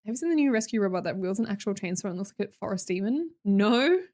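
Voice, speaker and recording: A woman's voice: mid-range voice, lively intonation, fast talker, mellow. A young Australian woman streamer chatting casually with her viewers, blunt and sweary, laughing often.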